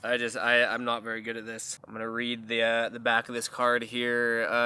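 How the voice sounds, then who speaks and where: A man's voice: medium pitch, completely flat delivery, normal speed, few pauses, sharp tone, clear, resonant tone. A man in a casual vlog, talking in a playful, self-deprecating way and chuckling often while reading sponsor copy. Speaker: vlogger doing a sponsored segment.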